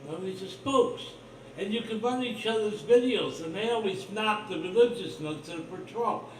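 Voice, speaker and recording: A man's voice: sits high, normal speed, far from the mic. A man hosting his own livestream, talking in a rambling, blunt, profane monologue full of suspicion. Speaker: livestream host. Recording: roomy echo, voice off-mic, faint ambience.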